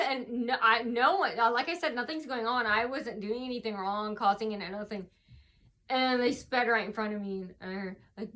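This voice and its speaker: Woman vlogger, high bright voice, rambling tearful storytelling to camera. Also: normal speed. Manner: rambling, many fillers and restarts, mimics shouts. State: tearful, face swollen from crying.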